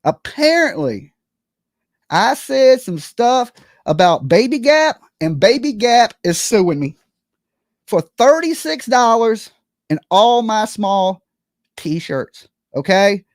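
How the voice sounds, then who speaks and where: Streamer spinning a comic tale, lively up-and-down delivery, dry close sound, keeps asking "right?". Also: mid-range voice, slow, no echo. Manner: animated, acts out scenes with buzzing sounds and quoted voices; rambling, keeps checking in with "right?" and "okay?". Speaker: live streamer. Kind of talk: comedic storytelling to a live audience.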